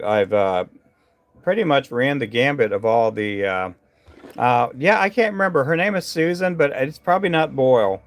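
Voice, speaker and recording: A man's voice: medium pitch, gravelly. A man hosting a casual live stream while tying fishing jigs, chatting loosely with viewers in a rambling way full of fillers and restarts.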